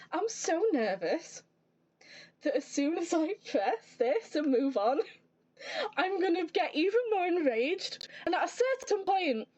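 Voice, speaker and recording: A woman streamer giving live game commentary, animated and playfully exasperated. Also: sits high, dull audio.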